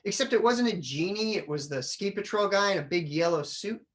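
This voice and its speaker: Middle-aged man, funny storytelling speaker, lively and animated. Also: sits high, fairly quick. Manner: animated storyteller, acts out family voices. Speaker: public speaker. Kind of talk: humorous storytelling speech. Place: club meeting room.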